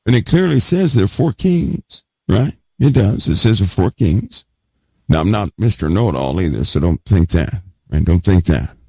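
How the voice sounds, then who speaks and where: A male preacher teaching from scripture, his low voice gravelly and a little husky. He leans on the same words again and again and throws questions at the room, his pitch swinging widely. The sound is dry and close. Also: expressive, moderate pace, warm tone, no echo. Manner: emphatic, repeats key words, asks the audience questions. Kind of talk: sermon teaching.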